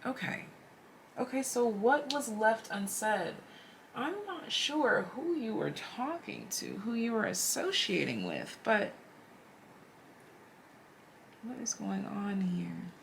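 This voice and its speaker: A woman giving a casual, chatty tarot reading straight to her viewers, animated and slangy. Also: mid-range voice, slow, vocal fry, a little hiss or hum. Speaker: tarot reader.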